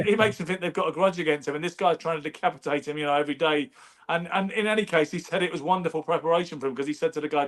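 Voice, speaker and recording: A man telling stories in casual conversation, animated and anecdotal. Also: a little high, quick pace. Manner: animated, anecdotal, does brief impressions. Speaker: podcast host.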